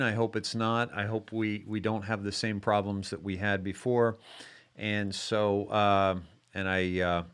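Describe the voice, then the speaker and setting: A man's voice: lowish voice, a bit bright, clean tone. Rambling man hosting a live show. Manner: rambling, many restarts and fillers. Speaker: host of a live-streamed show. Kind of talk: casual chat.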